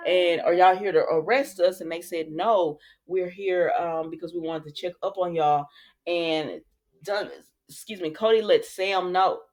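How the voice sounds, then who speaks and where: A woman's voice: lowish voice, unhurried, darkish tone. A woman hosting a casual recap, chatty, retelling scenes and quoting the characters. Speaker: soap opera recap host.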